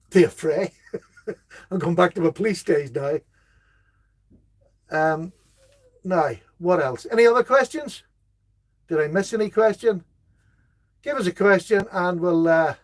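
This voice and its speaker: A middle-aged man hosting a casual live stream, chatting enthusiastically and rambling as he reads out viewer comments. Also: sits high. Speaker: host of a knife live stream.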